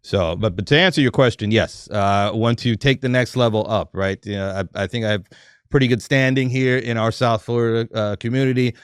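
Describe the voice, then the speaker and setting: A comedian from New York talking casually about his plans as a podcast guest, with a chatty manner, frequent laughs and quick restarts. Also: medium pitch, clean tone, dry recording, studio quality.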